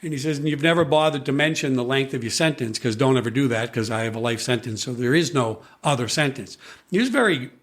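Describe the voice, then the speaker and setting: Man, podcast guest, conversational storytelling, animated, quotes others, middling pitch. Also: quick pace. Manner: animated storyteller, acts out quoted voices, frequent restarts.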